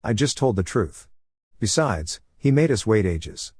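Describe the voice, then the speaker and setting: A man reading the lines of a determined, cheerful young girl ninja in a calm, confident way. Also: on the low side, measured pace, husky, no room sound, studio quality.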